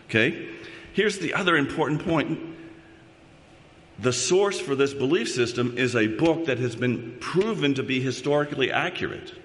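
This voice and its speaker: A man's voice: medium pitch, animated, normal speed, a bit bright. A man preaching a sermon as a pastor, talking conversationally and often checking in with the congregation. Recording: long reverb of a large hall.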